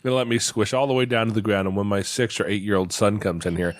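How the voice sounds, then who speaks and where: A man's voice: on the low side, steady tone, fast, no room sound. Reflective man host, dry sound. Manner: reflective, storytelling, repeats words while thinking. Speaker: podcast host. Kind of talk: conversational interview. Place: home office.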